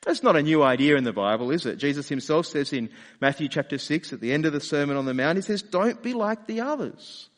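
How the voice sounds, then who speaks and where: Preacher in a reverberant hall. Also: male voice, fairly high pitch, fast talker. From Australia. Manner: conversational, asks rhetorical questions. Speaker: pastor. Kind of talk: sermon.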